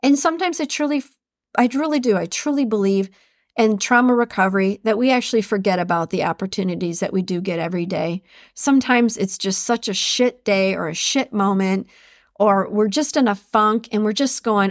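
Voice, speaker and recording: A woman hosting a solo podcast, reading quotes aloud and chatting casually, laughing at her own slips in an animated way. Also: mid-range voice, a little fast, no echo, clean studio sound. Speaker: podcast host.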